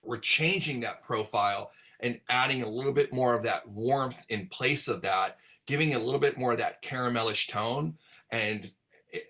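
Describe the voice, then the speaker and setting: Bright-voiced man explaining hair color. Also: mid-range voice. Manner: relaxed, rambling explanation with many fillers. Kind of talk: virtual class talk.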